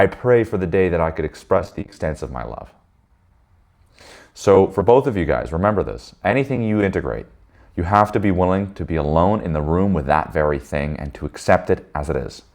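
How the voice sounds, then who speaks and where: A man leading a men's group in a casual motivational talk, blunt and emphatic, swearing freely and checking in with listeners. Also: low voice. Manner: addresses listeners with frequent "right?" tags.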